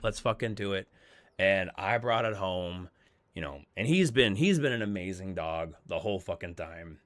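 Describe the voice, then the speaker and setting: A man's voice: deep voice, animated, normal speed, fairly bright tone. A man streaming a game, telling a story in casual chat, rambling and swearing freely as he repeats himself. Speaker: streamer hosting a game server.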